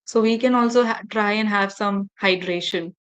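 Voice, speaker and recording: A woman running a workshop for teachers, speaking in a measured, deliberate way with emphatic pauses and direct instructions to her audience. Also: medium pitch, fairly bright tone, clean tone, poor audio. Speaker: faculty development trainer.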